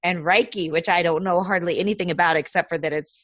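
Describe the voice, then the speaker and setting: A woman's voice: lowish voice, steady tone, quick pace, a bit bright, no echo. A woman hosting a podcast, reading an introduction and chatting in a bubbly way with frequent laughs. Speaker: podcast host. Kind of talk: casual interview chat.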